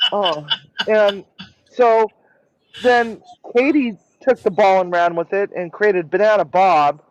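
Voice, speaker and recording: High-voiced man telling a rambling story. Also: slow, pauses often, dry recording. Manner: rambling, animated, swears freely. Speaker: live-stream regular. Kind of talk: casual storytelling. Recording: dull lo-fi sound.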